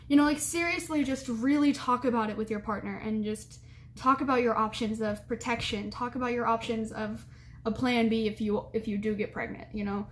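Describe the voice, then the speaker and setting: A woman's voice: a little high, steady tone, fairly quick, a little hiss or hum. A young adult woman giving casual advice to camera, chatty and rambling with lots of fillers and giggles.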